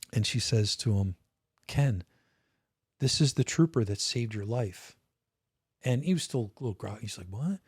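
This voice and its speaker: A man's voice: on the low side, a little mellow, breathy edge, no echo, studio quality. A middle-aged man, a retired state police officer, telling a personal story in a casual, candid podcast interview, swearing now and then and often restarting his sentences. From United States.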